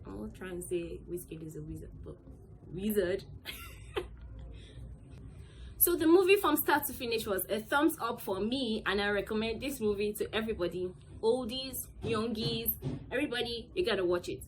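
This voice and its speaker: A young woman hosts her own review vlog, speaking at a mid-range pitch. She talks in a chatty, excitable rush and leans hard on words she cares about. Faint room ambience sits low behind her. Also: moderate pace, background noise. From Nigeria. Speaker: host. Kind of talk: casual movie review vlog.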